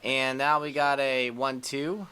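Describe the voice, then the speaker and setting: A gaming creator giving excitable play-by-play commentary over a baseball video game, cheering at the big plays. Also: medium pitch, slow, smooth.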